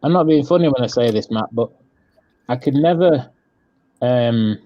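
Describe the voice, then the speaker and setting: Hesitant, um-filled guy, mid pitch, muffled dry web-call sound. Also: moderate pace, mellow, dry recording. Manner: hesitant, full of ums, careful phrasing. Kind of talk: casual live stream chat. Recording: dull, dry lo-fi audio.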